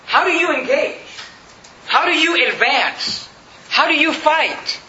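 A man's voice: very high-pitched, lively intonation, slow pace, pushed and bright, echoey room, muffled recording, a little hiss or hum. A man pastor preaching a sermon, asking the congregation rhetorical questions and building emphasis. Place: church sanctuary.

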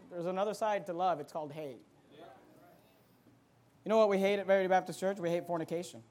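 High-voiced fiery male preacher. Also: fairly even intonation, quick pace, pauses often. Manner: emphatic, swings between loud bursts and quiet asides. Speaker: pastor. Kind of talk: fiery sermon.

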